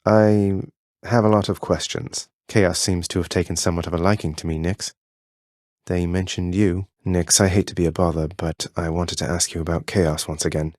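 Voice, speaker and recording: Zagreus, a young male prince of the underworld in a video game, voiced by a man. His voice sits very low and is recorded close and dry, with no room around it. He sounds earnest and polite with his elders, but dry and teasing with his friends. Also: flat delivery, normal speed, a little mellow, no room sound, natural voice.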